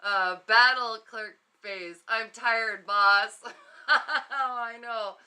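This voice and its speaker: A woman with a high, bright voice chats unhurriedly on her livestream, reading viewer comments aloud and breaking into giggles again and again. Her delivery is loose, playful and unscripted. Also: very slow, clean tone. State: muffled inside an inflatable costume at times. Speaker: psychic livestream host. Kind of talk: casual livestream chat.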